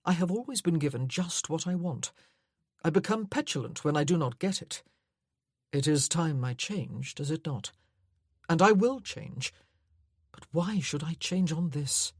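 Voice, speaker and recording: A woman reading the part of an earnest, battle-scarred young earl, pleading and insistent in a gentle way. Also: low-pitched, expressive, unhurried, breathy edge, dry recording, studio quality, heavily acted.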